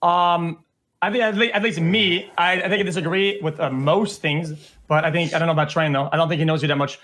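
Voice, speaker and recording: High, fast, halting young-sounding man. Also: steady tone, a bit bright. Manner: halting, stumbling restarts. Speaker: streamer on debate panel. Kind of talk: casual debate on a livestream.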